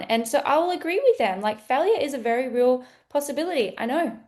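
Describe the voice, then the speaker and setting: High-voiced blunt woman sales coach. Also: a little fast. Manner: animated, blunt, playful, acts out sales dialogue. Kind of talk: casual teaching talk.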